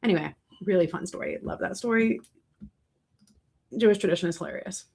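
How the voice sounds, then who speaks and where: A young adult woman hosting a casual livestream, answering viewer questions with chatty, animated storytelling and asides. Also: medium pitch, brisk, gravelly, slightly rough.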